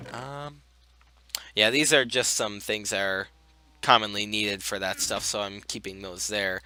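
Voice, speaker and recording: A man's voice: fairly low pitch, bright, forceful tone. Tired young man rambling over gameplay. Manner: rambling, lots of uh and um fillers. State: tired, yawning. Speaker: gaming video host. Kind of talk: casual game commentary.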